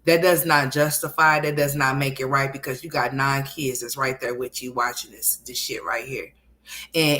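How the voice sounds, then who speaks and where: Low voice lady doing commentary, sassy, scolding, drags her words out. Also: sharp tone. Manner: sassy, scolding, drawn-out emphasis. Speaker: commentary channel host. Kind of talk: reaction commentary.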